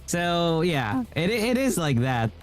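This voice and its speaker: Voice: medium pitch, sing-song, takes it slowly, soft background music. A game streamer chatting casually while playing, rambling and acting out what other people say. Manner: rambling, acts out quoted speech. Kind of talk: casual chat while gaming.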